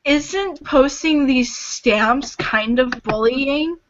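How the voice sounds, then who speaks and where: A woman with a fairly high voice hosts a casual livestream, speaking earnestly and haltingly, often sighing and restarting her sentences. The audio is dull and lo-fi, like a cheap home stream. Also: background noise. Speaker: livestream host.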